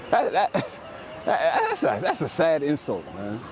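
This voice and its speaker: A man's voice: on the high side, slow, a little hiss or hum. A man preaching outdoors, explaining scripture in loose street slang and tagging phrases with "man". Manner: lively and emphatic, paraphrases scripture in street speech.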